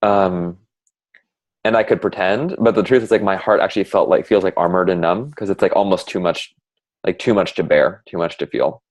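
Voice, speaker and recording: A man in a casual heartfelt conversation, speaking reflectively and haltingly with many fillers. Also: sits low. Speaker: conversation partner sharing reflections.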